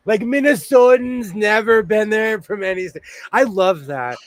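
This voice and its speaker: A man's voice: sits high, measured pace, dry recording. An older man hosting a casual livestream chat, talking chattily and laughing easily. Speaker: host.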